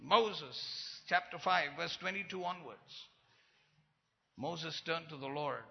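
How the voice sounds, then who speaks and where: A man preaching a sermon in an animated way, rising to loud emphasis and acting out the complaints he quotes. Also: on the high side, slow pace, gravelly. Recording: muffled sound with long hall reverb.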